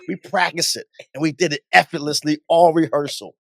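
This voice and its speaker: A middle-aged man, a DJ guest on a podcast, telling stories in a lively, casual way with laughs and some swearing. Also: a little high, brisk, creaky, hardly any pauses, no echo, studio quality. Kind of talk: casual storytelling interview.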